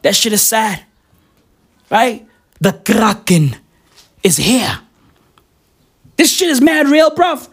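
Husky South African woman ranting profanely. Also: fairly high pitch, big pitch swings, slow pace, long pauses. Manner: profane, slangy, rambling, emphatic. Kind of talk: comic rant monologue.

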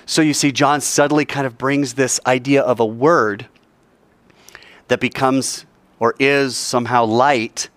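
A man's voice: medium pitch, fairly bright tone, dry recording. A man giving an informal Bible lesson, acting out little mock dialogues and dropping jokey asides. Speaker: Bible teacher.

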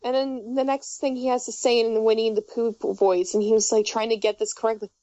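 Speaking fairly quickly with a slightly high, mellow voice that barely moves in pitch, this young woman tells meandering, giggly stories full of fillers and false starts in casual conversation. The audio is dull and muffled, with no room sound.

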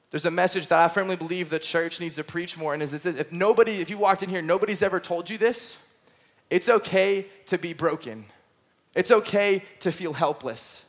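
A man's voice: high voice, moderate pace. A young man giving an earnest, conversational sermon as a youth pastor, with playful asides. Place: church auditorium, service also streamed online.

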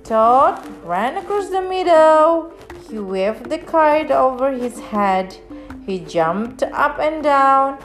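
A woman reading a children's storybook aloud with lively, expressive delivery. Her voice is high and swings widely in pitch, and she takes her time. Soft music plays faintly behind her. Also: slow. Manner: animated, expressive. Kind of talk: reading a picture book aloud.

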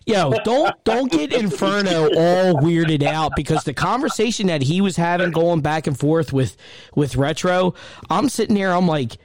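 A man hosting a casual gaming chat show, telling stories in an animated, rambling way. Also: on the high side, moderate pace, dry recording. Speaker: show host.

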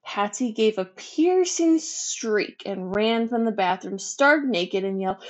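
A woman reading a children's book chapter aloud, with lively, expressive delivery. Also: medium pitch, a little slow, dull audio. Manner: expressive, animated. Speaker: storybook reader. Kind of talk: children's story read-aloud.

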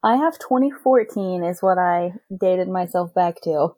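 A woman's voice: lowish voice, measured pace, warm tone, no room sound. A woman guest on a casual podcast, talkative and teasing.

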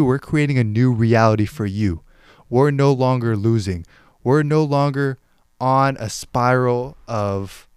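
A man's voice: medium pitch, a little mellow, clean tone, no room sound, clean studio sound. A man hosting a motivational podcast, urging listeners on with intense exhortation and frequent swearing. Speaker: podcast host.

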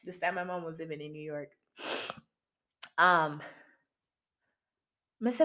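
A woman with a Jamaican accent hosting a podcast, telling a personal story in a lively, casual way with patois, laughing often. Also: lowish voice, moderate pace, long pauses. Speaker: podcast host.

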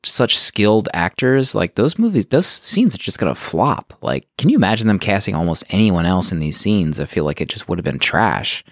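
A man's voice: deep voice, very animated, moderate pace, few pauses, dry recording, clean studio sound. A man co-hosting a podcast, talking in a rambling, enthusiastic way with many fillers. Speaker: podcast co-host. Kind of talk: casual chat.

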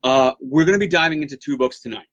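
A man's voice: on the high side, fast, a bit bright, lo-fi sound. A man co-hosting a gaming podcast, chatting casually and hesitantly, with many uh's and repeated words. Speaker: podcast co-host. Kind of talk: casual chat.

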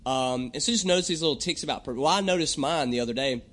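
A young adult man hosting a podcast, talking in a rambling, jokey monologue and often clearing his throat. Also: on the high side, quick pace, fairly bright tone. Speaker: podcast host. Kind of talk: casual comedic monologue.

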